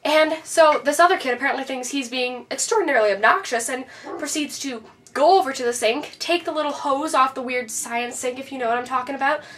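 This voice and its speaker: A woman's voice: high-pitched, fairly bright tone, distant mic. A woman playing a bitter, depressed teenage girl who vents sarcastically in a scripted video-diary monologue. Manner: sarcastic, exasperated storytelling.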